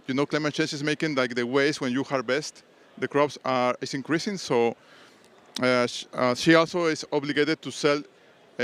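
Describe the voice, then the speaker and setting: A man from Peru, a startup founder giving a conference pitch with many hesitations and restarts. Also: fairly bright tone, smooth. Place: conference stage.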